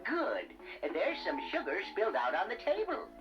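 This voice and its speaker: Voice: medium pitch, huge pitch swings, moderate pace, highs cut off. A performer voicing a fussy, kindly older male inventor who stammers and giggles, speaking formally in a storybook cassette. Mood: explaining. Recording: loud music bed.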